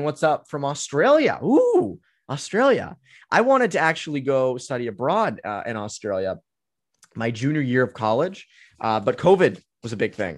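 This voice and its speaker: Man, twenties, podcast host, casual, opinionated, lots of fillers, mid pitch, dry close sound. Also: dry recording. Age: 20s. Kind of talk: solo sports podcast, answering listener questions.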